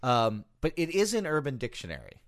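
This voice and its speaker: Animated laughing male podcast co-host. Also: mid-range voice, a little fast. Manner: laughs often, retells quotes in a mock voice. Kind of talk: casual chat.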